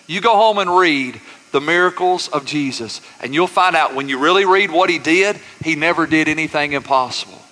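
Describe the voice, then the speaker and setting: Brief: male pastor, bright high voice, call-and-response preaching, long church-hall reverb. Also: moderate pace. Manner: folksy, says y'all. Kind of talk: sermon.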